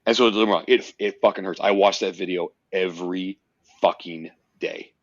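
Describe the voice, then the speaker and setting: Deep-voiced man talking intensely, cursing often. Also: steady tone, normal speed, no room sound. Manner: emphatic, swears often, tells stories intensely. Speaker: podcast guest, powerlifter. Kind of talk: casual podcast conversation. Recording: dry, slightly muffled podcast audio.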